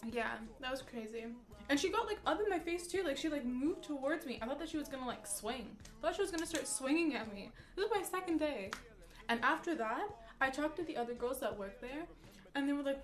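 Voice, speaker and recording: A young woman livestreaming from home, telling a story in a chatty, animated way full of "like" while reading chat. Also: high voice, fast. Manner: chatty, animated, peppers speech with "like".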